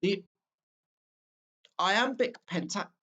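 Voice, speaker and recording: A man teaching a literature exam walkthrough, talking slowly and haltingly, with fillers and self-corrections as he works through a poem. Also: high-pitched, bright, forceful tone.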